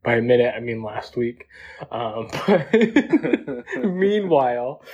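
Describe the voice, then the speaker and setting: A man's voice: mid-range voice, very animated, takes it slowly, darkish tone, slightly rough, muffled recording. A man co-hosting a casual podcast, giggling and rambling as he talks through his notes on a film. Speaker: podcast co-host. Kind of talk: casual movie-discussion chat.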